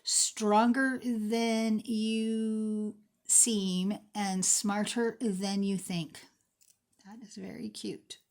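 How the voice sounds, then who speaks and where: A woman's voice: medium pitch, little pitch movement, drawn-out words, a little mellow. A woman in her forties chatting casually as she sorts and prices thrifted jewelry, teasing herself as she goes. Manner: chatty, self-mocking, talks to herself while sorting. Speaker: thrift jewelry unboxing vlogger. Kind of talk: casual unboxing commentary.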